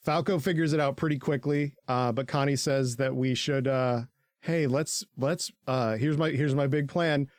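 A man co-hosting a podcast, recapping an anime in casual, profane chat, laughing often and jumping into squeaky character voices. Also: steady tone, normal speed, no echo, studio quality.

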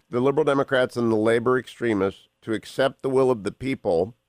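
A man hosting a radio talk show, opening with booming, theatrical greetings and interviewing his guest. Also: dry recording.

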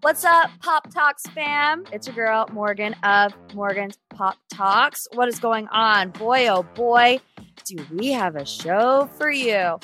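A woman's voice: fairly high pitch, slow pace, pushed and bright, soft background music. A woman in her twenties hosting a pop culture podcast, chatty and opinionated as she talks through celebrity news. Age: 20s. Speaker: podcast host. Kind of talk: casual pop culture chat.

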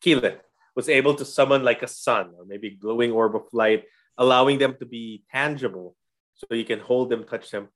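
A man's voice: mid-range voice, normal speed, a bit bright. A man co-hosting a podcast in casual chat, enthusiastic and prone to acting out quotes. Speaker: podcast co-host.

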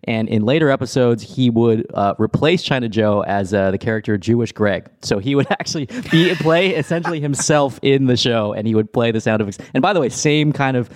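A man's voice: mid-range voice, fairly quick, hardly any pauses, dry recording, studio quality. A man hosting a podcast, talking casually and often chuckling as he rambles. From Los Angeles. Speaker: podcast host. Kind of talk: casual chat.

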